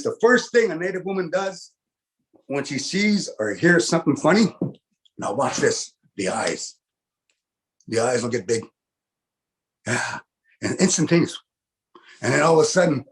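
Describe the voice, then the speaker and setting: High-voiced man doing folksy stand-up. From Canada. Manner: folksy, animated, acts out loud laughter; tags lines with "eh?". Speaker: stand-up comedian. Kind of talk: stand-up comedy.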